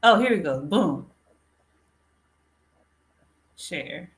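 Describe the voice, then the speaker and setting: A woman's voice: fairly low pitch, expressive, measured pace. A woman hosting a casual live stream, talking straight to her viewers and calling them folks. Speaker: livestream host.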